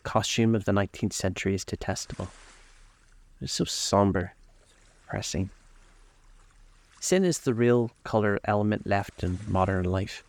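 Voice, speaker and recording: A man's voice: on the low side, moderate pace, pauses often, natural voice. A man reading aloud as a languid, witty older nobleman who drawls his epigrams.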